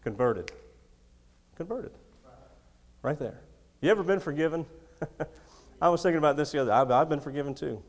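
A man in his thirties preaching a sermon in a storytelling way, laughing often and swinging between quiet, close moments and loud ones. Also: fairly high pitch, fast talker. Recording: long hall reverb.

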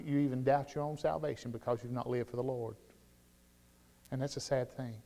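A man with a Southern US accent preaching a sermon, shifting between loud, shouted declarations and quiet, conversational storytelling. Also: mid-range voice. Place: church sanctuary. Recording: long reverb of a church hall.

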